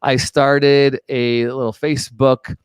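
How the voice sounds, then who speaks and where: A man co-hosting a live online chat show, upbeat and encouraging, with quick asides. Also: medium pitch, flat delivery, clean tone, dry recording, clean studio sound. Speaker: co-host.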